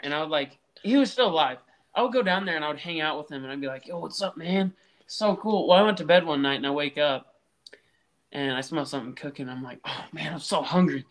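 A man with a high voice chats on a podcast as a guest. He tells his stories in an animated way. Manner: animated storytelling. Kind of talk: casual chat.

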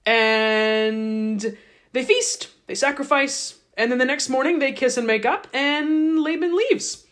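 A woman's voice: high voice, slow pace, fairly bright tone. A woman podcast host casually retelling a scripture story in a chatty, wry, irreverent way.

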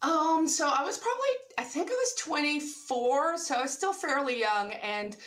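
A woman's voice: high-pitched, animated, moderate pace, a bit bright. A young adult woman from South Africa with an American accent, a guest in a casual interview who chats freely, laughs often and acts out the voices she quotes.

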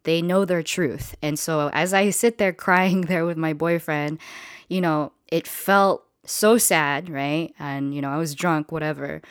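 A woman's voice: low voice, steady tone, a little slow, clear, resonant tone, dry recording, studio quality. A young woman hosting a podcast, telling a personal story candidly and emotionally, swearing casually. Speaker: podcast host.

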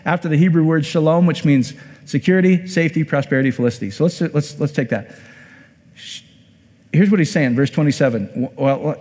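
A man's voice: fairly high pitch, darkish tone. A man from Iowa preaching a conversational sermon as a pastor. He often repeats words and asks the audience questions. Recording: long hall reverb.

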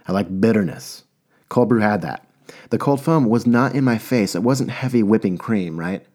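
A man's voice: fairly low pitch, animated, moderate pace, darkish tone. A man hosting a podcast, talking through a casual, emphatic monologue with frequent restarts and rhetorical questions. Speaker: podcast host.

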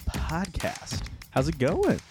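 A man's voice: a little high, huge pitch swings, slow, music in the background. A man hosting a casual movie-news podcast, chatty and rambling, laughing easily as he talks. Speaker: podcast host.

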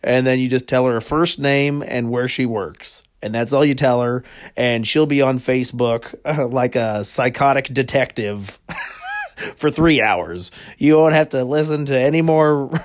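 A man with a middle-pitched voice telling comedic stories as a podcast host. He rambles, chuckles often and fills his sentences with lots of little pauses. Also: very animated. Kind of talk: comedic storytelling monologue.

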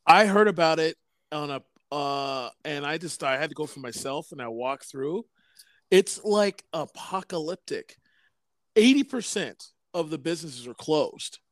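A man's voice: a little high, expressive, unhurried, no echo, clean studio sound. A man in easygoing casual chat.

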